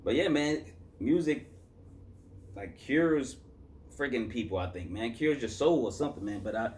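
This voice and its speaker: A tired man from Boston talks through a classic hip-hop album in a rambling, casual way. His voice has a lively, animated pitch that bounces around, and he keeps stopping to correct himself. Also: normal speed, slight background noise. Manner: loose, chatty, filler-heavy, self-correcting. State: tired after a work shift. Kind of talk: casual rambling review chat.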